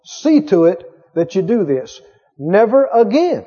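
High-voiced man preaching in a reverberant hall. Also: very animated, mellow, husky. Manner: emphatic, repeats phrases, drawn-out stresses. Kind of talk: sermon. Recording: dull lo-fi tape with long hall reverb.

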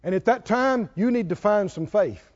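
A man preaching a sermon, calling out questions to the congregation and swinging from near-shouts to hushed tones. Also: moderate pace. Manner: animated, rising to near-shouts then dropping low. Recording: dull lo-fi sound.

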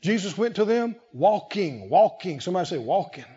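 A male preacher giving a sermon to a congregation, animated and playful, often laughing and acting out scenes. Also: sits high, normal speed, slightly rough, highs cut off. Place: church service with congregation.

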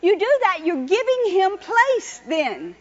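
High-voiced woman preaching folksily. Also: very animated, slow pace. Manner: chatty, exhorting, laughs often. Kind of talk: folksy sermon with personal stories. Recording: dull lo-fi recording.

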